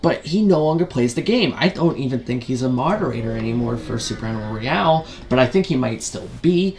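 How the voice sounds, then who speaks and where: A man's voice: mid-range voice, lively intonation, fairly quick, a little mellow. A man ranting as a gaming video commentator, frustrated and profane, full of rhetorical questions and repeated fillers.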